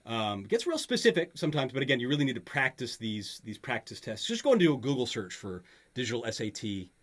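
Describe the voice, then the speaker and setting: In a casual grammar lesson, a man speaks fast in a mid-range voice with big swings in pitch. He patiently goes back and forth with his student, often checking that she follows.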